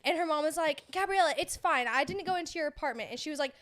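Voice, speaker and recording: A woman's voice: sits high, fast. A young woman co-hosting a podcast, telling a story in casual chat and acting out what everyone said. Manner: animated storyteller acting out quotes. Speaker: podcast co-host.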